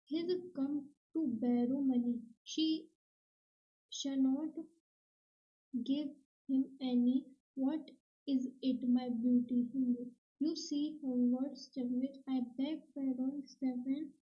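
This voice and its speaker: Slow, high-voiced woman reading aloud. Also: fairly even intonation. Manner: halting, word-by-word reading with restarts. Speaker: teacher reading a play aloud. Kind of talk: slow read-aloud lesson. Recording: dull lo-fi recording.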